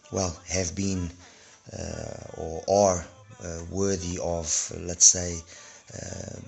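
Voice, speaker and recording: Hoarse, very deep, gravelly-voiced man. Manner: rambling, many restarts and fillers. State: hoarse from a throat infection and cold. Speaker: earphone reviewer. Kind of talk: casual product review.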